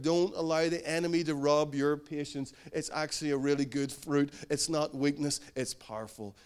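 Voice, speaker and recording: A middle-aged man preaching a sermon in an earnest tone, his voice sitting a little higher than most men's. He builds to emphatic bursts, then drops low and slows down to let a point land. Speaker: pastor.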